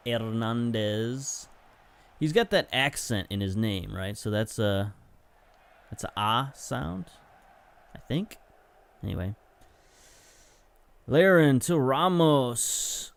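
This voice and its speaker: A young man giving casual, chatty play-by-play commentary over highlights from a football management game, getting excited at chances and correcting himself as he goes. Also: slow, vocal fry, pauses often. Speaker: gaming video host.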